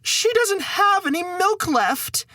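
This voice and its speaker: A man voicing a poor, fretful old mother in a wailing high falsetto in a storybook podcast. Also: big pitch swings, unhurried, sharp tone, no room sound, studio quality, full character voice. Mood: distraught.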